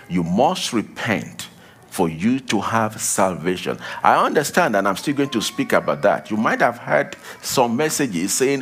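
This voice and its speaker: A male preacher delivering a sermon, emphatic, repeating key lines and dropping to a low hush for warnings. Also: big pitch swings, a little slow, slightly rough.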